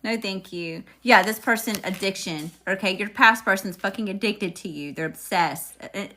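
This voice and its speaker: A woman's voice: medium pitch, moderate pace, bright, forceful tone, a little hiss or hum. A woman doing a live tarot reading, chatting with viewers and calling out upbeat greetings. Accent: regional accent, unnamed. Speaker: tarot reader.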